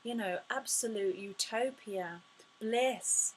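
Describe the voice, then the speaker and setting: A woman's voice: a little high, takes it slowly, a little hiss or hum, poor audio. Effusive woman giving a spiritual pep talk. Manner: effusive and expressive, with frequent sighs and gasps. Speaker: spiritual life coach. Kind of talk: inspirational talk to camera.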